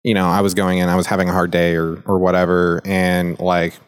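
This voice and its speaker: A man with a very low voice talks in a relaxed, loose way, full of "like" fillers. His delivery stays steady and flat as he poses open questions to his co-hosts in an easygoing conversation. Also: brisk, clear, resonant tone. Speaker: podcast co-host and youth mentor. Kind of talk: casual discussion.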